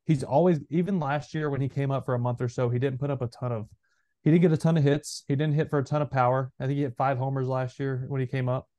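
A man in his thirties, a former player co-hosting a podcast, talking in an animated, rambling way with lots of fillers. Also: medium pitch, quick pace, no room sound. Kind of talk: casual chat.

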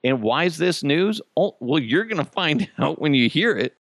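Foul-mouthed man ranting, very animated. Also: a little high, normal speed, dry recording, studio quality. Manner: swears constantly, animated and mocking. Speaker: podcast host. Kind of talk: profane comedic rant.

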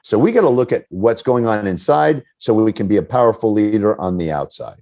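A middle-aged man talks as a guest on a podcast, explaining leadership through anecdotes. His pitch swings widely as he acts out quoted people, with a lively storyteller's manner. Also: fairly quick. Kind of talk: podcast interview answers.

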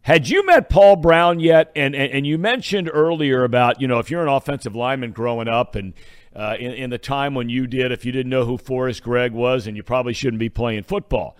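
A man's voice: medium pitch, brisk, clean tone, no echo, clean studio sound. A man hosting a podcast, asking long rambling questions with restarts. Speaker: podcast host. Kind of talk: interview questions.

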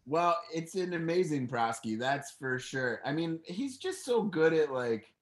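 A man co-hosting a casual film podcast, talking haltingly and searching for words. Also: a little high, big pitch swings. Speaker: podcast co-host.

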